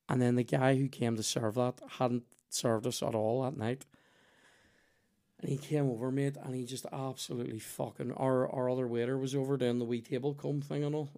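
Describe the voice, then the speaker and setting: A man, hosting a podcast and telling animated, sweary stories in casual chat. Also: mid-range voice. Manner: animated, sweary, acts out voices in his stories. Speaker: podcast host.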